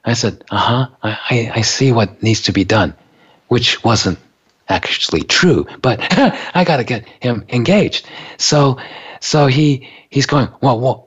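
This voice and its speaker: A man telling a story in a casual, animated way, acting out what people said and laughing along. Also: medium pitch, a little slow, slightly rough, dull audio. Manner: animated, acts out quoted voices, laughs while telling.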